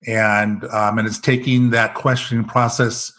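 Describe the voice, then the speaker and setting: A man's voice: fairly low pitch, unhurried. A man with an American accent, an executive coach telling stories in an interview, acting out the dialogue. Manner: animated storyteller acting out quoted dialogue. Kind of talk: storytelling in a podcast interview.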